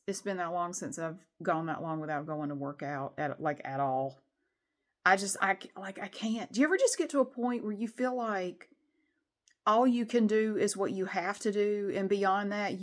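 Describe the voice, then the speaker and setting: A woman's voice: mid-range voice, a bit bright. A middle-aged woman, venting candidly in a rambling, frustrated way with some swearing in a casual vlog. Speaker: vlogger.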